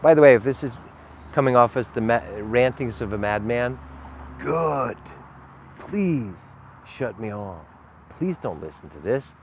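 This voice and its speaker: A man giving an unscripted spiritual monologue, rambling and blunt, with frequent swearing and sudden swings between loud and soft. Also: medium pitch, expressive, unhurried, a little hiss or hum. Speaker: spiritual teacher.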